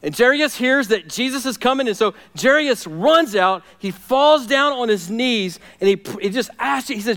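A man preaching a sermon, swinging from hushed, intimate lines to loud, urgent ones. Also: extremely high pitch, expressive, normal speed, few pauses. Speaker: pastor.

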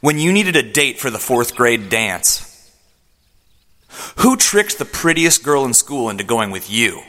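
A man performing a comedy podcast as himself, pleading with his friends and excited in turns. His pitch swings widely, and a long hall echo trails his voice. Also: a little slow. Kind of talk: comedic improvised role-play.

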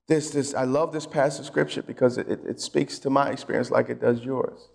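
A man preaching a sermon as a pastor, energetic and conversational, with casual asides. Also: fairly high pitch, normal speed, creaky, long reverb tail.

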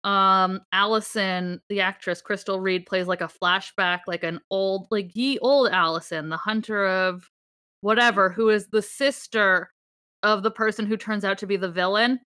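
A woman's voice: mid-range voice, steady tone, moderate pace, sharp tone, clean tone, no room sound, studio quality. A woman co-hosting a podcast in casual chat, enthusiastic and rambling, laughing often. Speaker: podcast co-host.

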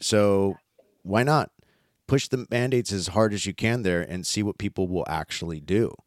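A man's voice: on the low side, normal speed, no room sound, clean studio sound. A man hosting a casual chat, blunt and profane, giving his opinions. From US West Coast. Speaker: podcast host.

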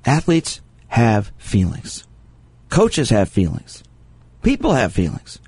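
A man's voice: medium pitch, huge pitch swings, slow pace, a little mellow, slightly rough. A man who is a sports psychologist hosting a call-in radio show, speaking earnestly and with emphasis, repeating his key phrases. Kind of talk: radio talk monologue taking calls.

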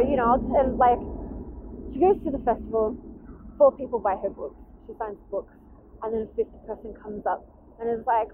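A woman's voice: fairly high pitch, moderate pace. A woman hosting a podcast, chatting casually and rambling through a story with lots of fillers and restarts, recorded outdoors in a city. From Australia. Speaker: podcast host. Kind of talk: casual chat, retelling a story. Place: outdoors in a city, planes overhead. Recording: tinny phone-like recording, faint background noise.

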